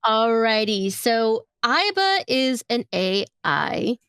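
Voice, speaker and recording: A woman's voice: fairly high pitch, very animated, takes it slowly, fairly bright tone, clear, resonant tone, dry recording, clean studio sound. A woman co-hosting a podcast, explaining in an easygoing, fond way. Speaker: podcast co-host. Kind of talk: casual chat.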